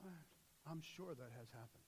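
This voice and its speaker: A man preaching a sermon, swinging between loud urgent passages and low, quiet intensity. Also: lively intonation, a little slow, a little hiss or hum.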